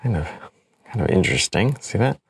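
Demonstrating an oil painting, a man instructor chats in a relaxed way, thinking aloud with small laughs as he works. His lowish voice is husky and a little fast, on a dry recording.

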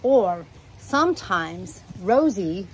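A middle-aged woman who hosts a channel about her parrots chats casually to camera at home, rambling and affectionate, now and then breaking off to talk to her birds. Her mid-range voice is sing-song and extremely slow. The audio is poor, with a little hiss or hum.

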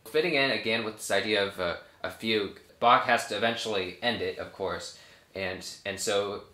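A young man, a cellist, explaining a piece in a relaxed, casual way with frequent fillers. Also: fairly low pitch, moderate pace. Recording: echoey room with cello playing.

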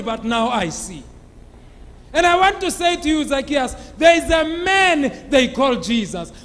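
Preacher voicing a joyful healed beggar, very high excited voice, shouting testimony, long church echo, soft music. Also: male voice, heavily acted. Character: healed blind beggar man, joyful and exuberant.

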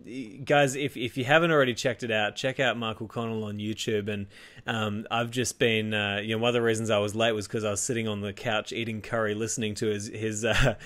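A man's voice: on the low side, fairly bright tone. An Australian man hosting a casual podcast interview, chatty, with many fillers and restarts and frequent laughter. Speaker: podcast host.

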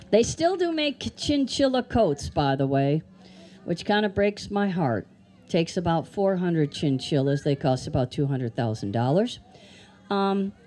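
A woman's voice: lowish voice, warm tone. A woman presenting animals at a live children's show, chatty and playful, asking the kids lots of questions. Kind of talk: live educational talk to kids. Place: outdoor amphitheater.

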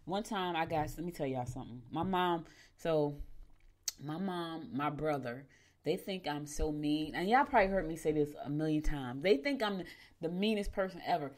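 A middle-aged woman hosting a morning show. She tells stories casually, often calls her listeners "y'all," and her voice jumps suddenly in pitch and loudness. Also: lively intonation, normal speed. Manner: chatty, addresses listeners as "y'all". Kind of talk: casual storytelling and horoscope reading.

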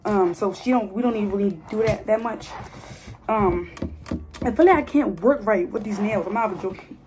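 A chatty young woman talks straight to her viewers as she styles a mannequin's hair, playful and easygoing. Her voice sits at an ordinary pitch, and a faint hiss runs under the phone recording. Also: fairly quick, darkish tone. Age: 20s. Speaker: hair vlogger. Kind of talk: casual chat while styling a mannequin's hair. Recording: phone video with faint noise.

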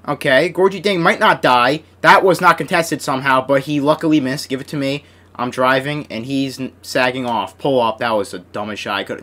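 A young man giving live commentary over his own basketball video game play, quick to frustrated outbursts and pleading with his players. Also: medium pitch, bright, forceful tone. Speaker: gaming YouTuber.

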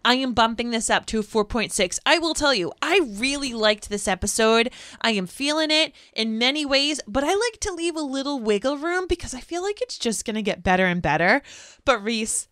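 Bubbly forties woman hosting a podcast, highish voice, dry close sound. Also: fairly quick, dry recording. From New England, United States. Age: 40s. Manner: animated, bubbly, playful. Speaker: podcast host. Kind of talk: casual podcast recap.

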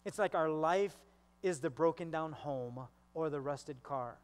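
A man's voice: a little high, measured pace, clear, resonant tone, in a large hall. A male pastor preaching a sermon, telling stories and acting out the voices of the people in them. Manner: storytelling, acts out quoted voices.

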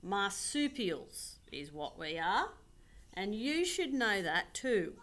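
A fed-up male koala, as a woman reads him aloud, ranting indignantly in rhyme. His voice swings widely up and down, bright and sharp-edged, in a storybook telling. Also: mid-range voice, big pitch swings, slow pace, pitched below the performer's own voice.

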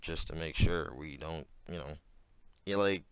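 A man chatting through his reactions at an unhurried pace, stacking fillers and curse words and breaking into laughs. His voice is smooth and clear, with a lively rise and fall. The sound is close and dry. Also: rumbling low, dry recording. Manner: rambling, heavy on fillers, swears a lot, laughs often. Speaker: commentator reacting to a TV clip. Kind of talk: casual reaction commentary.

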